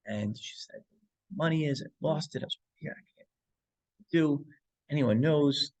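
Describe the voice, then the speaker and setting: A man's voice: fairly high pitch, a little slow, darkish tone, no echo. Man, rabbi teaching a class, rambling storyteller, hebrew terms mixed in, dry close sound. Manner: rambling storyteller, frequent restarts and asides; mixes Hebrew and Yiddish terms into English. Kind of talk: informal Torah class with storytelling.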